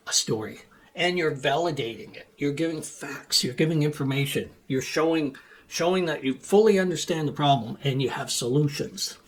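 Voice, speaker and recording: Husky-voiced male business English coach. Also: on the high side, normal speed. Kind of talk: teaching monologue to camera.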